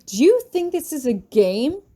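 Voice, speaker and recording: A woman's voice: mid-range voice, unhurried, close to an everyday voice. A woman voicing a stern, bitter male magic professor in a read-aloud story, cold and clipped with angry outbursts. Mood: shouting. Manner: cold and clipped, erupting into shouts.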